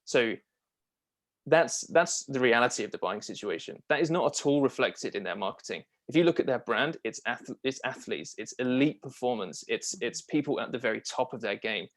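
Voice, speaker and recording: A man's voice: mid-range voice, expressive, normal speed, fairly bright tone. A man being interviewed as a copywriter and marketing strategist, talking casually and enthusiastically with frequent fillers and restarts.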